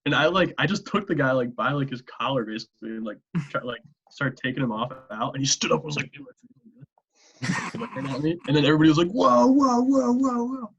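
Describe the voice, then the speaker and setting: A man's voice: medium pitch, quick pace, a bit bright, slightly rough, lo-fi sound. A young man, a guest on a casual podcast, telling rambling stories. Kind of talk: casual chat.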